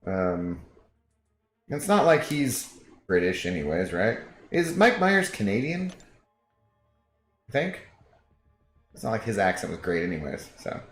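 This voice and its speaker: Lower-voiced man chatting on a game stream. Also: sing-song, measured pace, pauses often, reverberant, soft background music. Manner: chatty, joking, reads chat aloud. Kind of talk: casual live-stream chat with viewers.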